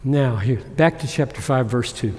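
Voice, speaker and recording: A man preaching a sermon, swinging between loud exclamations and hushed whispers. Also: mid-range voice, moderate pace. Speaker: pastor. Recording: long hall reverb.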